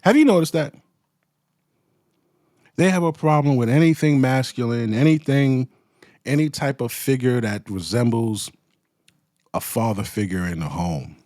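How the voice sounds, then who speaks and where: Male host, swears a lot, animated delivery, dry close mic. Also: mid-range voice, a little slow, pauses often, dry recording. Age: adult with children. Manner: profane, slangy, heated. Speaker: commentary host. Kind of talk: ranting commentary.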